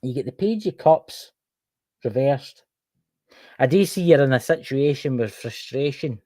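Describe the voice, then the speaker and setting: A man with a Scottish accent runs a chatty tarot reading on a livestream, naming each card and talking straight to one viewer. His voice is mellow and relaxed, set close and dry with no room around it. He keeps it informal and easygoing. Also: mid-range voice, unhurried, dry recording. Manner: chatty, reads each card aloud and addresses the viewer by name.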